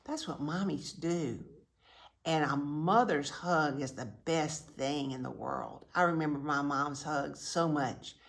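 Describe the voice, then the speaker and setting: Slow, expressive woman reading to children. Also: deep voice, vocal fry, roomy sound. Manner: slow expressive storytelling with asides. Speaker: children's story reader.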